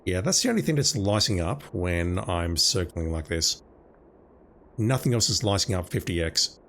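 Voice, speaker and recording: A man's voice: sits low, expressive, moderate pace, fairly bright tone. A man giving casual commentary while playing a video game, thinking aloud as he goes. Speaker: let's play commentator.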